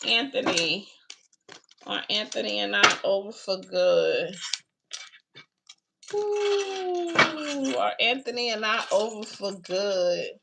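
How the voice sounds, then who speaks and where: Speaking slowly in a sing-song, medium-pitched voice with vocal fry and long pauses, a woman reads tarot on a casual live stream, and the audio is very noisy. She takes live questions, chats without hurry, and calls viewers baby and honey.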